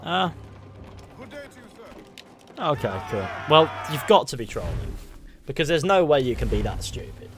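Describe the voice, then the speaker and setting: A man's voice: on the high side, very animated, a little slow, long pauses, music in the background. A man doing casual, sweary live commentary while playing a game and bantering with his chat. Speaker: streamer.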